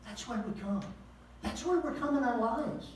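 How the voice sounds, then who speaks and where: A man's voice: very high voice, normal speed, a little hiss or hum. A male pastor preaching a sermon in a folksy, conversational way, with slang and pointed rhetorical questions. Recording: echoey room, voice from far off.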